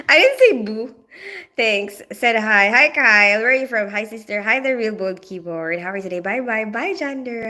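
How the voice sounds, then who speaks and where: A woman's voice: medium pitch, bright, forceful tone. A woman from the Philippines, a nurse chatting casually on a livestream, rambling with lots of "you know" and "like". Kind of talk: casual livestream chat, greeting viewers.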